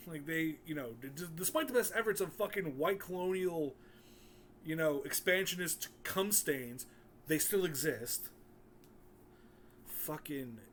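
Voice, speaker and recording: High voiced guy ranting and cussing nonstop into the camera, super worked up. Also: lively intonation, a little slow, slight background noise. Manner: angry, swears constantly. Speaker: video commentator. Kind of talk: profane ranting commentary.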